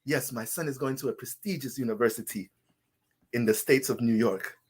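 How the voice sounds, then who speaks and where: A man's voice: mid-range voice, brisk, breathy edge, voice pushed down, lightly acted. A man voicing a proud Nigerian parent dropping off a son at college, in a put-on Nigerian accent.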